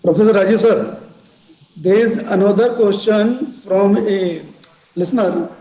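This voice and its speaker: A man relays audience questions in a high voice with a mellow, dark tone. He speaks formally and deferentially, and his voice echoes in a roomy space. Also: a little slow. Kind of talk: webinar Q&A. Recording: echoey room.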